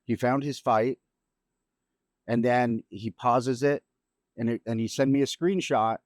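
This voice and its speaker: A middle-aged man, a grieving father, telling a personal story on a podcast in a halting, reflective way with many restarts. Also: medium pitch, steady tone, no echo, studio quality. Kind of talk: emotional storytelling.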